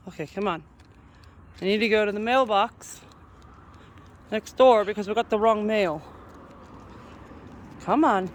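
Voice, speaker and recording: A woman outdoors on a street, coaxing her pet along with affectionate, laughing casual talk. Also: medium pitch. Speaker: vlogger walking her cat on a leash. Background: faint street and traffic noise.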